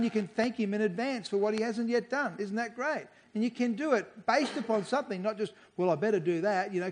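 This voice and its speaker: A man's voice: high voice, a little mellow. A man preaching as a guest speaker, talking earnestly and conversationally and reading scripture aloud. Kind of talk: sermon.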